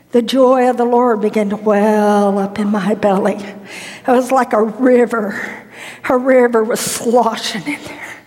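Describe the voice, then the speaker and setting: Woman preacher, high-pitched, emotive storyteller who sinks into hushed tones; sanctuary with long reverb. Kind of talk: sermon with personal testimony.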